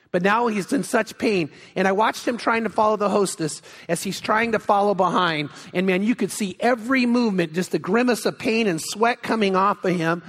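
A man preaching a sermon as a pastor, telling stories with lively acted-out quotes. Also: high-pitched. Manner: animated storytelling, acts out quotes. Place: church sanctuary. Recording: long hall reverb.

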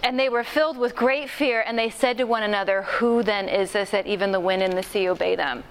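A woman's voice: medium pitch, brisk, slight background noise. A woman leading a Bible study training session, talking conversationally to a group and acting out quoted lines. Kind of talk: workshop teaching. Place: meeting room with a group.

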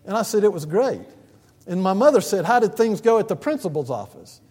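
A pastor preaching a sermon in an earnest way, swelling to emphatic peaks and often pausing with "uh". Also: male voice, high voice, very animated, a little mellow, breathy edge, long reverb tail.

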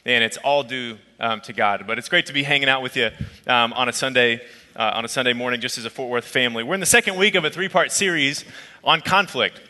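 Man, pastor, sermon, very bright tone, long hall reverb, storytelling. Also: medium pitch, quick pace. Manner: storytelling, conversational and lively. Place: church auditorium.

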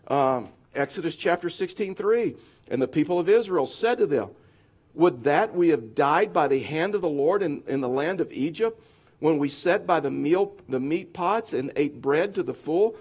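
Higher-voiced preacher man, emphatic and repetitive. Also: lively intonation, normal speed, darkish tone, husky. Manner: emphatic, repeats phrases over and over. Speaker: pastor. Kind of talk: sermon.

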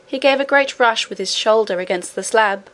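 A woman narrating a classic children's storybook in a steady, measured reading voice. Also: on the high side. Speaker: audiobook narrator.

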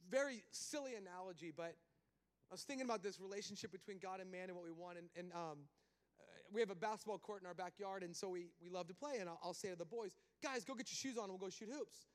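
A pastor preaching in a lively, conversational way, with storytelling and asides to the crowd. His voice sits very high for a man. The sound carries a long reverb from a large church hall. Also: fast talker, clear, resonant tone. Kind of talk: sermon.

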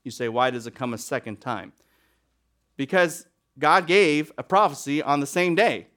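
A male preacher with a high, lively voice that leaps up and down in pitch. He delivers a sermon with big dramatic swings, punching some phrases loudly and dropping others to a hush. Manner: animated, dramatic swings between loud emphasis and near-whispers.

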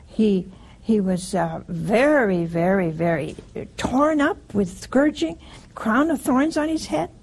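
A woman's voice: mid-range voice, lively intonation, takes it slowly, darkish tone, slightly rough, rough recording. A woman giving a conversational sermon in a homely way, often asking her listeners rhetorical questions. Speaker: preacher.

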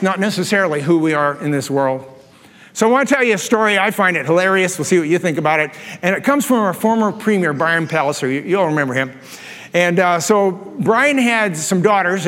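A man preaching a sermon, telling animated stories and laughing at his own jokes. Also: sits high. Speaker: pastor. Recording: long reverb of a large hall.

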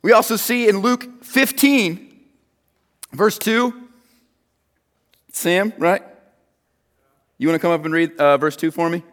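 A man's voice: sits high, takes it slowly, pauses often, fairly bright tone, long reverb tail. A man preaching a sermon in a casual, conversational way, joking with his listeners.

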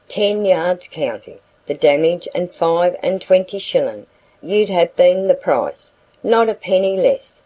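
A woman's voice: fairly low pitch, warm tone, low-quality recording. A woman voicing a talkative rural male packman who coaxes a customer in a broad country dialect. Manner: coaxing sales patter.

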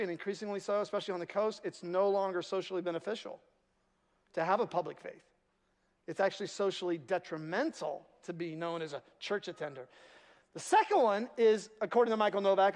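A man's voice: high-pitched, fairly quick, a little mellow, in a large hall. A male pastor preaching a sermon, telling stories with self-deprecating humor. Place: church sanctuary.

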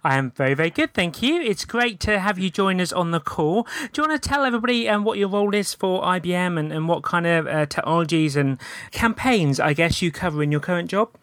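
A man's voice: high voice, animated, fairly quick, a bit bright, clear, resonant tone, no room sound. A man hosting a casual tech podcast, chatty and friendly with easy laughs, close to the mic. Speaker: podcast host.

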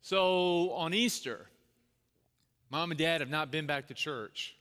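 A man's voice: fairly high pitch, takes it slowly, pushed and bright, clear, resonant tone. A middle-aged man preaching a sermon, telling a personal story in an earnest, conversational way. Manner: storytelling, earnest, acts out quoted voices. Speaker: pastor. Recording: long hall reverb.

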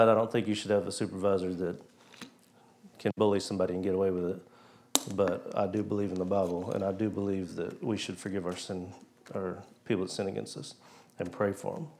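Low-voiced man giving a church talk. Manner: conversational, chuckles often, asks the crowd questions. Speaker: lay speaker giving a testimony. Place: church service.

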